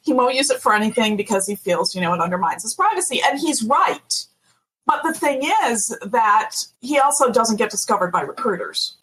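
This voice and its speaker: A woman's voice: a little high, animated, normal speed, fairly bright tone, slightly rough. A woman guest on a casual podcast, outspoken and emphatic. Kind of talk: casual chat.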